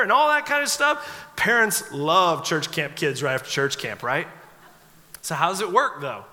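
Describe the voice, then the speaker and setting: A man's voice: high voice, animated, moderate pace, bright, forceful tone. A man in his forties, a pastor preaching a sermon in a conversational, humorous storytelling way. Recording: long reverb of a church hall.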